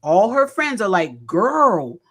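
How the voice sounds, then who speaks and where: A woman's mid-pitched voice carries an animated talk radio segment. She reads headlines aloud and reacts to them with lively asides. Her delivery is conversational and easy. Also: moderate pace. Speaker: talk show host. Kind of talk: casual radio talk, reading news aloud.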